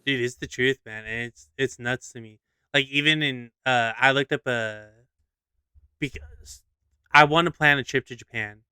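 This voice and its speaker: A young man chatting casually on a podcast, animated and quick to slip into voices when retelling a skit. His voice is bright and crisp. The recording is dry and close. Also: medium pitch, dry recording. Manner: animated storyteller, acts out skits with voices. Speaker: podcast co-host. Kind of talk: casual chat.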